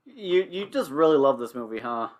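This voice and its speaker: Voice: medium pitch, expressive, normal speed. Podcast co-host chiming in briefly. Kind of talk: casual podcast chat.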